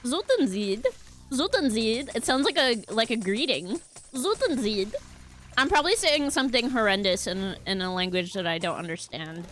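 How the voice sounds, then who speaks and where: A woman's voice: a little high, lively intonation, moderate pace, a bit bright, a little hiss or hum. A young woman streaming a game, chattering playfully to her chat and teammates with silly bits. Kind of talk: casual gaming livestream chatter.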